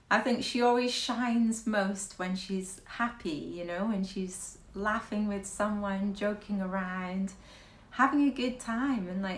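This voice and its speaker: Slow, chatty woman gushing over photos. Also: medium pitch, roomy sound. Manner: chatty, gushing, laughs often. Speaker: royal news reaction host. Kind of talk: casual reaction commentary.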